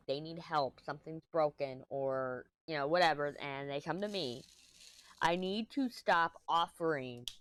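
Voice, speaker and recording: A middle-aged Texan woman with a Texan accent chats casually while crafting for her vlog, wandering between topics, swearing offhandedly, and sounding a bit stuffy. Her voice is deep and slightly bright, with a little hiss or hum in the recording.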